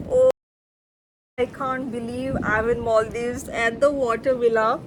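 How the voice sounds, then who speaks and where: A young woman, chatting excitedly to viewers in a casual travel vlog. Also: on the high side, unhurried, background noise. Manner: chatty and excitable, keeps addressing viewers as guys. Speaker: travel vlogger. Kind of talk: casual vlog talk to camera. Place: resort villa and restaurant in hot weather.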